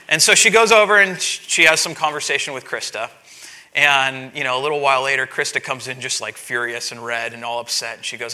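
A man in his thirties preaching a sermon, telling a family story with animated delivery and laughing between lines. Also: medium pitch, fast talker. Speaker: pastor.

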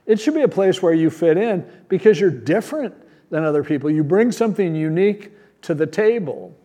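A man's voice: a little high, lively intonation, fairly quick, mellow. A man preaching a sermon as pastor, teaching verse by verse in a conversational, plain-spoken way and asking rhetorical questions.

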